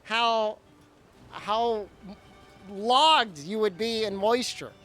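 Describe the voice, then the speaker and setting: A man's voice: sits high, very slow, a bit bright, soft background music. A man streaming a game and chatting casually, telling a rambling story full of fillers and restarts. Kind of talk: casual chat during a live game stream.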